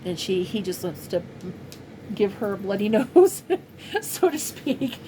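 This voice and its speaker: A woman's voice: medium pitch, expressive, unhurried, dark tone. A woman in her fifties from California, chatting in a rambling, heartfelt way with lots of fillers in a casual personal vlog at home. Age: 50s. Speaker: crochet channel vlogger. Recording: noisy home recording.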